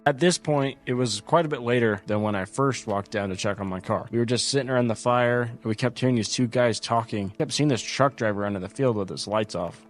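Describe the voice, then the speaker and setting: A man telling a first-person story about his camping trip in a calm, matter-of-fact way. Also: mid-range voice, a little fast, few pauses.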